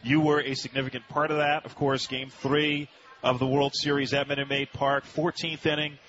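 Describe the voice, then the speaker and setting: A man's voice: mid-range voice, level tone, normal speed, a crowd in the background. A man hosting a sports radio interview, leading in with long rambling questions full of fillers. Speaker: radio host. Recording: muffled radio audio with noise.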